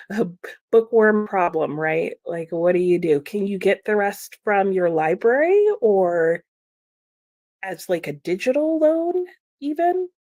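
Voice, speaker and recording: A young American woman hosts a laid-back livestream, reading viewer comments and laughing often. Her mid-range voice is animated yet slow, with a dark tone in echo-free, studio-quality sound.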